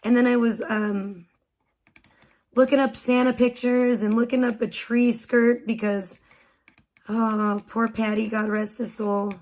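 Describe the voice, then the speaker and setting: A young adult woman hosting a casual livestream, excitable and swearing a lot, with a sore throat. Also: fairly high pitch, unhurried. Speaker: livestream host.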